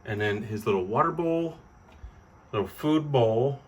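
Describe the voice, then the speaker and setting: A man's voice: medium pitch, expressive, measured pace, a little hiss or hum. A man casually explaining his reptile enclosure step by step, chatty and informal, filming indoors at home. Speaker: pet owner showing his reptile setup. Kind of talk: casual how-to home video.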